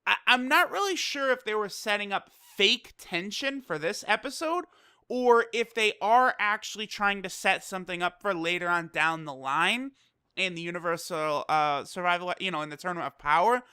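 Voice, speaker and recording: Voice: mid-range voice, moderate pace, bright, forceful tone, smooth, no room sound, studio quality. A casual anime episode reviewer recapping the plot, chatty and loose, swearing and laughing easily. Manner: loose, full of fillers like "you know".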